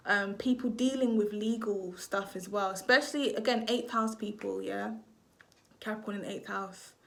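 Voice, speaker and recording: A woman's voice: mid-range voice, steady tone, normal speed, creaky, fairly bright tone. A woman gives a casual astrology reading to camera, talking off the cuff. She rambles, drifts off track and swears freely as she goes. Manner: rambling, swears freely, loses her train of thought.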